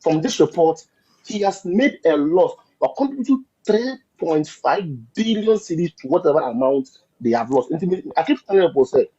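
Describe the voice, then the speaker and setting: This Ghanaian-accented man comments on politics with emphatic repetition and the occasional Twi phrase, making for a heated discussion. His slightly high voice is animated, mellow and a touch rough, moving at a moderate pace, and the recording sounds dull and lo-fi.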